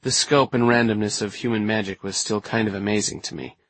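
A man reading a first-person story aloud in a steady, measured way. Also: lowish voice, no room sound. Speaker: audiobook narrator. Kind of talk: first-person scripted narration.

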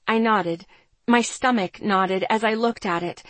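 Woman narrator, audiobook, tense dramatic telling, mid-pitched, dry close sound. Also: a little slow, a bit bright, no echo. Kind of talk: first-person audiobook narration.

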